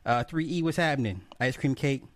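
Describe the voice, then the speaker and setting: Speaking a little fast in a medium-pitched voice, an adult man hosts a casual livestream, joking, cursing freely, and calling out viewers' names as he greets them. The recording is dry.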